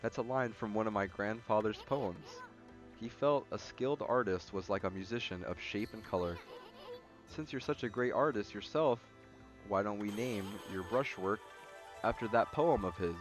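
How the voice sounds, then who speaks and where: Brief: a man voicing a cocky little sprite artist in a game, low and steady, game music faint behind. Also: natural voice. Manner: steady, reading game dialogue aloud.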